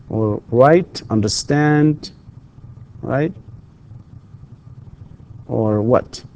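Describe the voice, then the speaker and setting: A man's voice: mid-range voice, slow pace, pauses often, dark tone. A male university English lecturer, giving a recorded lesson and patiently repeating questions for his students. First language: Arabic.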